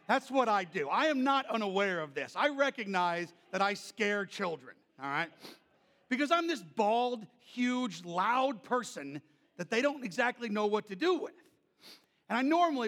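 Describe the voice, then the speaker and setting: A male pastor telling a story in a sermon, loud and animated, then dropping to soft, gentle tones. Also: high-pitched, big-room sound.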